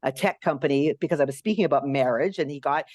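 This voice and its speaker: A woman in her sixties, a podcast guest and author, telling lively anecdotes in an interview. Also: fast talker, no room sound, studio quality. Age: 60s. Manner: animated, acts out quotes in high voices.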